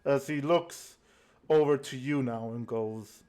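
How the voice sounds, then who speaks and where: A man acts as game master for a tabletop game, narrating slowly and haltingly with lots of filler words. His voice sits in the mid range and has a slightly mellow quality.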